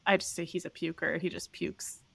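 Animated storytelling woman, dry close mic. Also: a little fast, vocal fry, no echo. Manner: animated storyteller, acts out voices with big pitch jumps. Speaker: podcast co-host. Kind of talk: casual chat, storytelling.

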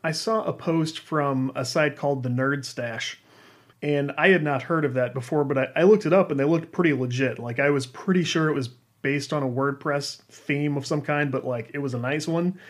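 A man's voice: mid-range voice, brisk. A man casually telling a personal story about freelance games writing, rambling and self-deprecating, with frequent restarts and fillers.

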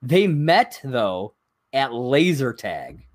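A man's voice: mid-range voice, sing-song, extremely slow, no echo, studio quality. Man, podcast co-host, casual chat, reads from a list, rambling, chuckles.

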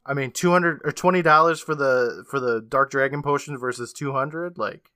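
A man's voice: medium pitch, bright, forceful tone, no room sound, studio quality. A man co-hosting a podcast, casually recapping an episode and laughing often as he quotes the characters. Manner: retells scenes with quick put-on quotes, laughs often. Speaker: podcast co-host.

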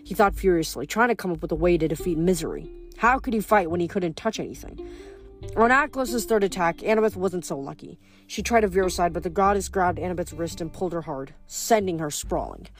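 A woman reading chapters of a novel aloud in an animated, expressive way. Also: lowish voice, brisk, soft background music. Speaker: audiobook reader.

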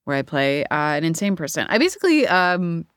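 A woman's voice: low voice, very animated, brisk, clean tone, dry recording, studio quality. A woman in her thirties, an actor guest chatting candidly in a rambling interview, laughing often. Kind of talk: casual interview chat.

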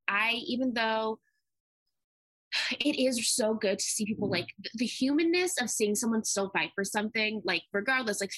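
A woman's voice: mid-range voice, a bit bright, no echo. A young woman co-hosting a podcast in casual chat, gushing and acting out her own reactions, swearing freely. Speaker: podcast co-host.

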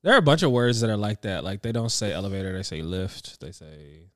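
A man's voice: on the low side, expressive, a little fast, fairly bright tone, no echo. Man, thirties, American accent with a British edge, rambling casual chat, dry close sound. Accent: American with a slight British tinge. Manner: rambling, loose and laid-back, with many fillers. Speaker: podcast co-host. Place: small room, seated on a couch.

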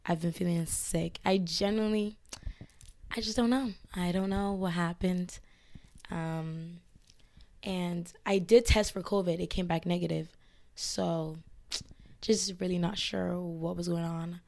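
A young woman hosting a casual podcast, hoarse from losing her voice to illness, rambling with lots of fillers. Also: fairly low pitch, steady tone, a little slow, a little mellow, no room sound. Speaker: podcast host. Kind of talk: casual chat. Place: indoors, filmed for a video podcast.

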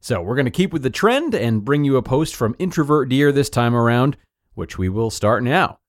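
A male podcast host reads an article aloud at a middling pitch, measured and earnest, his pace easing and quickening with the text. The sound is close and dry, with no room behind it. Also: animated, no echo.

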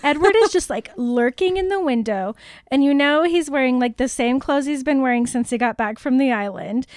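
A woman's voice: high-pitched, normal speed, a little mellow, dry recording, studio quality. A woman co-hosting a casual chat, reacting emphatically and laughing often. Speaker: podcast co-host.

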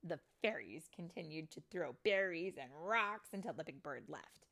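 A mother reading a picture book aloud to her child, slow and expressive, often sinking to a whisper. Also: deep voice, gravelly.

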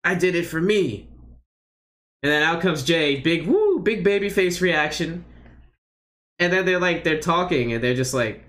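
Young man with a slightly higher voice, co-hosting a casual wrestling talk show. He recaps in a loose, hesitant ramble, piling up fillers as he thinks aloud. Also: sing-song, normal speed, a bit bright. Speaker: podcast co-host.

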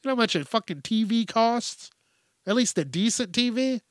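A man's voice: very high-pitched, lively intonation, normal speed, dry recording, clean studio sound. A man hosting a podcast, ranting bluntly and with heavy profanity, laughing often as he goes. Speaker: podcast host. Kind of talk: casual comedic rant.

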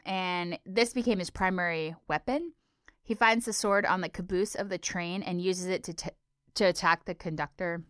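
A woman's voice: on the low side, fairly bright tone, clean tone, no echo, clean studio sound. A woman co-hosting a podcast, recapping a cartoon episode in casual, playful chat. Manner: chatty, giggly, playful. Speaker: podcast co-host.

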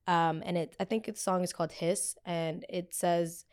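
A woman's voice: fairly low pitch, fairly even intonation, moderate pace, a little mellow, clean tone. A woman hosting a show, chatting casually about pop culture in a blunt, gossipy and profane way, often going off on tangents. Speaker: host.

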